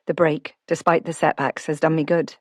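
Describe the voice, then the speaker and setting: Low-voiced woman reading an audiobook. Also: little pitch movement, normal speed, dry recording, clean studio sound. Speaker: audiobook narrator. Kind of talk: first-person novel narration.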